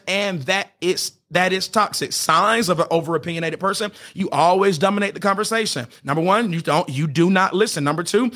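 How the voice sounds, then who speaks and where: Guy preaching relationship advice on a podcast, kinda high voice, punchy, trips over his words a lot. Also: fairly bright tone. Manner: emphatic, with repeated calls like "get this" and "hear me"; often restarts and stumbles over words. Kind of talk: preacher-like teaching talk.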